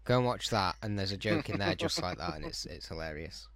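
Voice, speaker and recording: A man's voice: low-pitched, fairly quick, fairly bright tone, no echo. A man co-hosting a casual podcast chat, jokey and playful. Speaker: podcast co-host.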